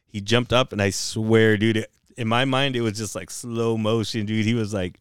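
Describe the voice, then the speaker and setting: Laid-back swearing young man, smooth voice. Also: lowish voice, steady tone, normal speed, no echo, clean studio sound. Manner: laid-back, swears constantly, rambling storyteller. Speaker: podcast co-host. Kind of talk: casual chat.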